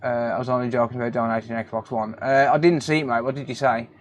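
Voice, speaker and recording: A man's voice: medium pitch, quick pace, a little hiss or hum. A man hosting a casual live stream, reading out viewers' names and calling them mate. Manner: relaxed, greets chat viewers by name, calls them mate. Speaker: live stream host, repair technician.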